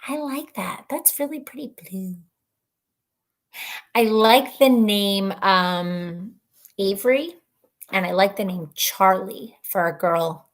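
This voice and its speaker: A woman hosting a casual live stream, reading viewer comments aloud in a chatty, rambling way, laughing often and thinking out loud. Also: mid-range voice, slow pace. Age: adult mother of children.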